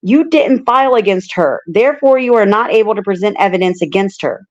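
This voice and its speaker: A woman's voice: medium pitch, a little fast, close to an everyday voice. A woman voicing a curt, stern female judge who repeats her orders. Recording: muffled lo-fi audio.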